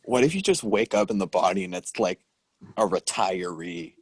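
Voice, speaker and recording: A young man with a husky, somewhat low voice chats casually as a podcast co-host. He rambles, fills every gap with "like" and keeps correcting himself. The sound is dry and close. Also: expressive, moderate pace, no echo. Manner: rambling, lots of filler "like", self-correcting. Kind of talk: casual chat.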